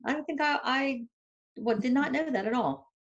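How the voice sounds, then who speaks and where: A woman in her fifties telling her own story in a candid, animated way as a guest in a casual group chat. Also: sits high, normal speed, highs cut off. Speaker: panel guest.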